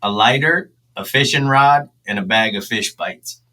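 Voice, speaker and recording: A man's voice: on the low side, a little slow, recorded from a distance, rough recording. A man, telling fishing stories in a casual interview. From South Florida, US. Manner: animated storyteller, acts out shouts. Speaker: fishing show host and charter captain.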